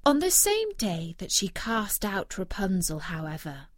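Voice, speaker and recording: Slow, expressive woman reading a fairy tale. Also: mid-range voice, no room sound, studio quality. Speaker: storyteller. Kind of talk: fairy tale read aloud.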